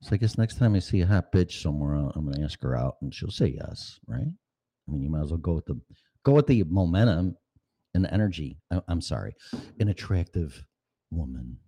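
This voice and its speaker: A man's voice: low-pitched, animated, a little fast, dark tone. A man from Chicago with a Chicago accent, talking casually and sarcastically in a rambling, profane monologue. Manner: profane, sarcastic, jumps between jokes and voices. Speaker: vlogger.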